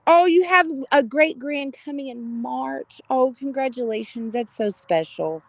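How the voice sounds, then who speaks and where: A woman's voice: high voice, expressive, a little slow, no echo. Gushing middle-aged woman streamer. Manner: warm, gushing, greets viewers, laughs often. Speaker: live streamer. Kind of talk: casual live-stream chat.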